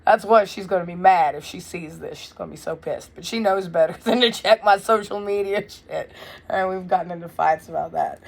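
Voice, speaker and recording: A young woman telling a wild story in a casual, blunt, profane way, loud and animated. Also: on the low side, fairly quick, gravelly. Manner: blunt, profane, swears freely. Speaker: vlogger.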